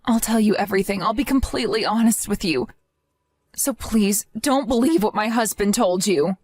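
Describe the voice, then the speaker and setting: A woman's voice: medium pitch, normal speed, darkish tone, close to an everyday voice. A woman voicing an exhausted young mother in a family drama who apologizes and begs for help. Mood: pleading. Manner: apologetic, pleading.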